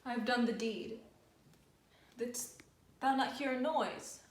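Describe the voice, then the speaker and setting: A woman plays Macbeth, a shaken lord fresh from murder, in a home-recorded Shakespeare reading. The voice is high, hushed and trembling, and slow. It rings in an echoey room. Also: a little hiss or hum.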